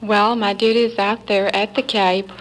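A woman with a Southern American accent answering interview questions in a soft, unhurried way, with gentle laughs. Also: mid-range voice, little pitch movement, slight background noise, poor audio. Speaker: secretary to astronauts.

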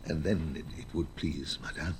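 An actor playing an anxious gentleman who coaxes and pleads in a stammering way in a radio play. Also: rumbling low, moderate pace, background noise. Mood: coaxing.

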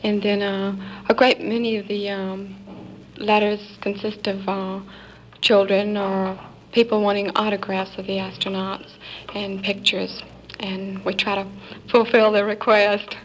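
A woman with a Southern American accent answering interview questions in a soft, unhurried way, with gentle laughs. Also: medium pitch, level tone, a little hiss or hum, poor audio. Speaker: secretary to astronauts.

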